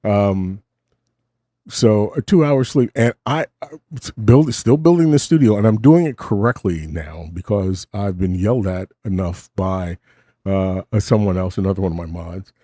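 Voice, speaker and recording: Man, middle-aged, low voice, dry close studio sound, rambling late-night host, self-interrupting, short on sleep. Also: moderate pace, mellow, dry recording. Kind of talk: casual rambling talk. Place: home studio. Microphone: studio mic with cough button.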